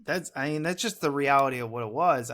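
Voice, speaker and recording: A man's voice: mid-range voice, fast, fairly bright tone. A man in his thirties co-hosting a podcast, chatting casually and a bit ramblingly while reviewing a movie. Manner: chatty, rambling, self-deprecating. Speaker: podcast co-host.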